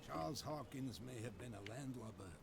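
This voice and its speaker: An actor playing a gruff old harbor master in a video game, with salty sailor talk and ominous hints. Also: male voice, mid-range voice, moderate pace, close to an everyday voice. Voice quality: gravelly.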